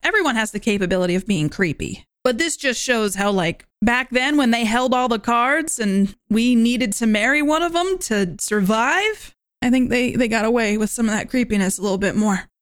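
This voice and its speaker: A woman's voice: a little high, normal speed, dry recording, studio quality. Chatty young woman reviewing a film. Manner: chatty, animated, lots of "like". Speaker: podcast host. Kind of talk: casual movie review monologue.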